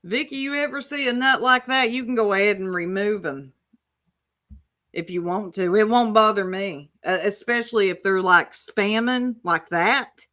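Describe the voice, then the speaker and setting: A woman's voice: mid-range voice, normal speed, fairly bright tone. A woman hosting casual reaction commentary, sarcastic and profane, talking back to the clips she plays. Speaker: YouTube commentator.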